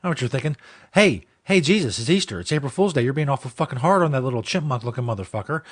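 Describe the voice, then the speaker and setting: A man's voice: medium pitch, lively intonation, racing. A man hosting a comedy show, ranting and mocking with heavy swearing. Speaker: host. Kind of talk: profane comedic rant.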